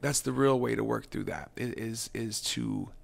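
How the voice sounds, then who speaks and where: Gravelly man musing in interview. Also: on the low side, expressive, moderate pace. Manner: thoughtful, with frequent restarts and repeated words. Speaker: musician guest. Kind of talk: casual interview chat. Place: home studio.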